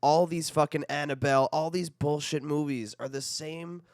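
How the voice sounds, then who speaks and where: A man's voice: a little high, fairly even intonation, normal speed, darkish tone, no echo, clean studio sound. A man co-hosting a podcast, bantering and ranting profanely about horror movie trailers. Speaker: podcast co-host. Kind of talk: casual banter reviewing trailers.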